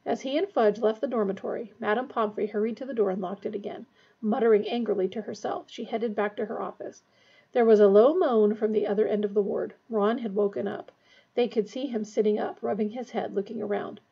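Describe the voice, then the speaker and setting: A woman's voice: mid-range voice, steady tone, fairly quick, creaky, husky. A woman reading a novel aloud expressively, with a dull lo-fi recording. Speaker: audiobook reader.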